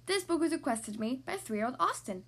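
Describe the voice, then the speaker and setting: A young woman hosts a children's story podcast, friendly and expressive. Her voice sits high and sweeps through a wide, animated range as she reads a storybook aloud. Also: a little fast, breathy edge. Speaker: podcast host reading to children.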